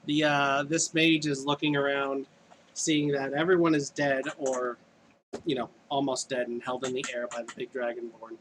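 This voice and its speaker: A man narrating and running a tabletop game as dungeon master, relaxed and full of fillers. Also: medium pitch, moderate pace, slight background noise.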